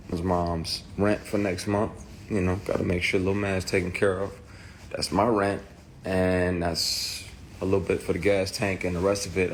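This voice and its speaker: A man's voice: deep voice, creaky, slight background noise. A man telling a personal story in a candid, profane way, heated and blunt. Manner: profane, heated, shouts in retold quotes. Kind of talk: candid personal account to camera.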